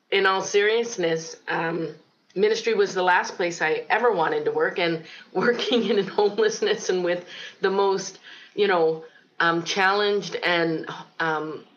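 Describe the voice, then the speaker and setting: A middle-aged woman from Ohio recounts her childhood in an interview, earnest and reflective, with frequent pauses and ums. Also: lowish voice, fairly bright tone, highs cut off. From Ohio, United States. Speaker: guest telling her life story. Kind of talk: personal testimony in an interview.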